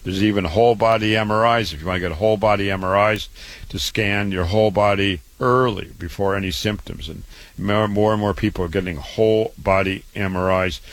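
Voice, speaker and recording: A man's voice: fairly low pitch, fairly even intonation, fairly quick, a bit bright, no echo. A man, a doctor, giving a promotional health talk about his clinic, repeating himself and listing items one after another. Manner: repetitive, listing.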